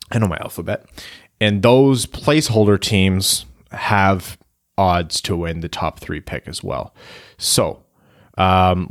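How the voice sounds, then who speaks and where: Man, podcast co-host, very low voice, halting explanation, dry close sound. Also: dry recording. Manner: halting, explaining with fillers, exasperated.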